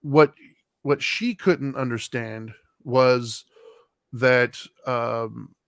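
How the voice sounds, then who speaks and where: A man in his thirties co-hosting a podcast, telling a long personal story in a relaxed, rambling way with many fillers. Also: mid-range voice, very slow, creaky, dry recording. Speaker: podcast co-host. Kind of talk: casual chat, storytelling.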